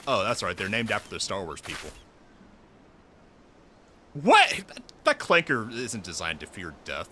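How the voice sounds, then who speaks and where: A man streaming a game, excitable and profane, reacting loudly and reading dialogue aloud. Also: on the low side, unhurried, pauses often. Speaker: VTuber streamer. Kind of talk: casual gaming stream.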